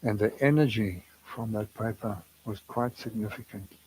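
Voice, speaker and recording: A man's voice: on the low side, normal speed, a little mellow, a little hiss or hum, rough recording. A man giving a spiritual talk, telling a personal story in an earnest, confessional way and laughing at himself now and then. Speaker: spiritual teacher.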